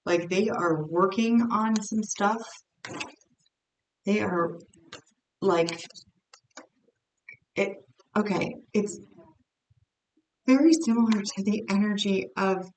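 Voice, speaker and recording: A woman's voice: medium pitch, a little mellow, distant mic. A young woman giving a casual tarot reading, thinking aloud in a rambling, self-interrupting way. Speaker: tarot reader. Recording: roomy, off-mic with faint noise.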